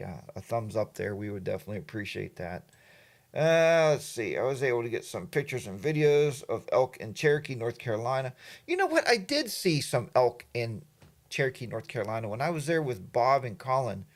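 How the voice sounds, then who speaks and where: A middle-aged man hosting a livestream, telling a rambling story and reading out chat comments, with lots of fillers and asides. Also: medium pitch. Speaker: livestream host.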